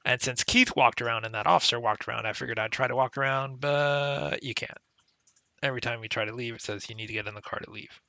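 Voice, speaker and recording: A man talks through an old adventure game in a relaxed, chatty way, stopping to explain how things work. His voice is very bright and forward. The recording is dry and close, with almost no room sound. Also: medium pitch, fast, creaky, dry recording. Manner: conversational, explains game mechanics with occasional laughs. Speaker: let's play commentator. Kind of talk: casual gameplay commentary.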